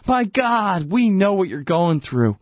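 A man's voice: high voice, sing-song, slow, dry recording, studio quality, pitched above the performer's own voice, heavily acted. A man putting on a sarcastic, mocking version of a male president, smug and mock-solemn by turns.

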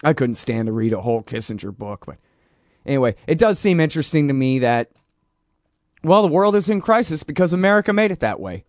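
A man's voice: on the high side, animated, fairly quick, no echo, studio quality. A man hosting a political talk show, talking in a casual, rambling and sarcastic way. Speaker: radio show host.

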